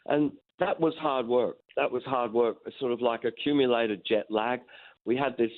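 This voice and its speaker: A middle-aged musician telling frank, rambling stories in a phone interview, swearing freely. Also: male voice, mid-range voice, normal speed. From Australia. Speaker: musician guest. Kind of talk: phone interview, candid storytelling. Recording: tinny phone line.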